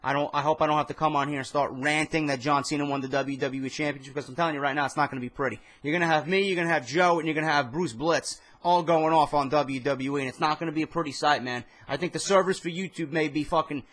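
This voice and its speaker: A man's voice: a little high, quick pace, hardly any pauses. A young man with a New York accent, tired after a few beers, ranting casually and profanely to camera at home late at night about wrestling. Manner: profane, animated, rambling. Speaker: wrestling vlogger. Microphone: camera mic.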